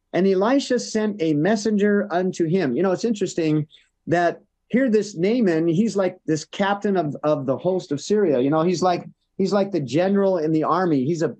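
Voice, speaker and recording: A man's voice: a little high, darkish tone. A man preaching a sermon as a church elder, reading scripture aloud and then retelling it in everyday words with frequent "no?" and "you know". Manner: reads scripture then retells it in plain words, tag questions.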